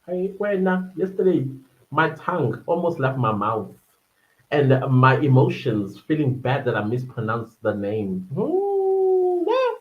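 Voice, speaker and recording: Laughing man on a livestream. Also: sing-song. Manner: chatty and warm-hearted, often laughing, quick shifts up in pitch. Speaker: livestream host. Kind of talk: casual livestream chat, reading viewer comments. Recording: muffled lo-fi livestream audio.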